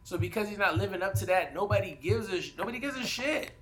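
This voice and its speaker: A man talking casually in a sports debate podcast, animated and profane, hedging with fillers as he argues his picks. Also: high voice, fast talker. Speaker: podcast co-host.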